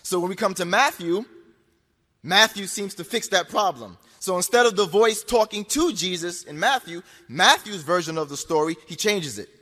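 A man's voice: high voice, lively intonation, normal speed, pushed and bright. A man giving an argumentative lecture to an audience, insistent and repetitive, pressing his points with rhetorical questions. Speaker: speaker addressing an audience. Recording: long hall reverb.

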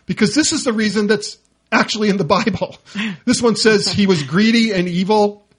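Joking male radio host with a high, husky voice and a playful, laughing delivery. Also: normal speed. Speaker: radio talk show host. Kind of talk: comedic radio banter.

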